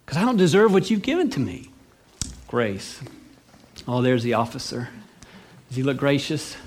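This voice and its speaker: A man preaching a sermon, animated and conversational, acting out little everyday scenes. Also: mid-range voice.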